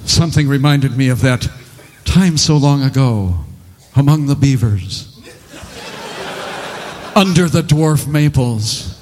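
A man's voice: mid-range voice, animated, slow pace, pauses often, darkish tone, slight background noise. A man playing a bumbling, wisecracking private eye in a parody radio detective drama, narrating in hard-boiled style with clumsy one-liners. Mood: wistful.

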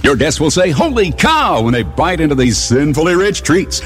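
A man's voice: fairly high pitch, very animated, moderate pace, soft background music. A man voicing a mock advertisement in an upbeat, salesy announcer manner. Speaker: commercial announcer.

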